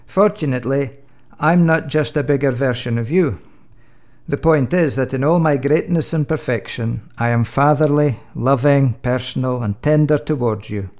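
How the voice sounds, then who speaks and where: A man playing God as a patient, fatherly deity in a comic sketch, dry and gently joking. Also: medium pitch, moderate pace, close to an everyday voice. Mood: teasing.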